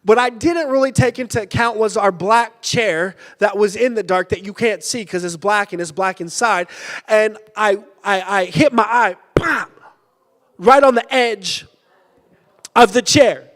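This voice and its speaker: High-pitched guy preaching, animated story, big echoey church hall. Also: unhurried. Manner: animated storytelling, shouting in bursts. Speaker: pastor. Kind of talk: sermon. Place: church sanctuary. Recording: church hall with long reverb.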